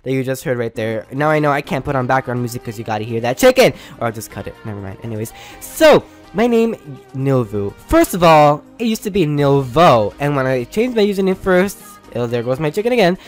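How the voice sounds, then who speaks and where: A chatty game creator rambles through a storytime vlog in a mid-range voice. The talk keeps breaking off into quick asides, and quoted reactions get acted out in changed voices. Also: mid-range voice, faint music behind. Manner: chatty and animated, jumps between asides. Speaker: online game creator and designer.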